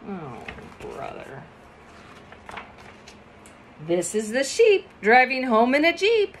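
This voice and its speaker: A woman's voice: medium pitch, huge pitch swings, takes it slowly, slight background noise. A woman reading a picture book aloud expressively, adding chatty asides about the pictures.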